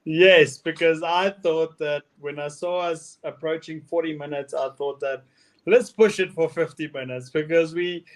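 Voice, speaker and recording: A man's voice: on the high side, fairly even intonation, a little slow. A South African man co-hosting a casual podcast, blunt and rambling. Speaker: podcast co-host. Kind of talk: casual chat.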